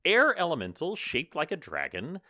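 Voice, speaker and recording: Lively-voiced man running a tabletop game. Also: fairly high pitch, dry recording, clean studio sound. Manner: playful, drawn-out sing-song intro, halting with fillers. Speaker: game master. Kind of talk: narrating a tabletop game podcast.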